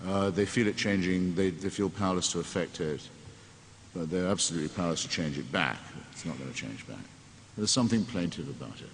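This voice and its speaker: Speaking briskly in a low voice, a sardonic guest in his 60s talks on stage in front of an audience. His remarks are wry and wander off on tangents, heard in an echoey hall with faint room noise.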